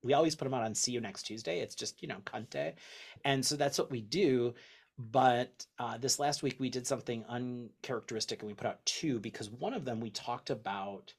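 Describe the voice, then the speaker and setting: Excitable, husky-voiced male podcast host. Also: medium pitch, brisk. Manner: excitable, swears freely, reads lists aloud. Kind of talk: casual podcast chat.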